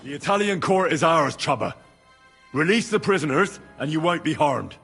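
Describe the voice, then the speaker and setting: An actor playing a level-headed young soldier who speaks calmly and placatingly. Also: male voice, on the high side, normal speed, big-room sound, faint music behind. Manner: calm, placating.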